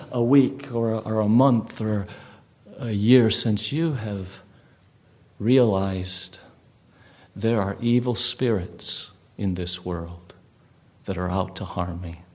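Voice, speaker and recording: A male preacher giving a sermon, telling a vivid story and putting questions to his listeners. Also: medium pitch.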